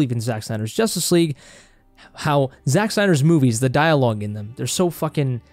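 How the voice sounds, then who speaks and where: A young Mexican film vlogger, a native Spanish speaker with a Mexican Spanish accent, gives a passionate, heated movie review monologue, swearing freely as he gets worked up. His voice is mid-range and darkish, with no room sound.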